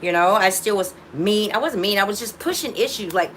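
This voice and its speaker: A woman's voice: mid-range voice, expressive, fairly quick, a bit bright, slight background noise. A woman with grown children hosting a casual livestream from her phone, rambling with many restarts and talking to viewers as y'all. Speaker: livestream host.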